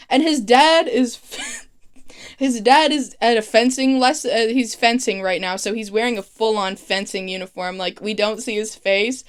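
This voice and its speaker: A young woman with a higher-pitched voice recaps a show in a casual, excitable way. She swears freely and laughs as she talks. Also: moderate pace. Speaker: recap vlogger. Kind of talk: casual plot recap with comic voiced quotes.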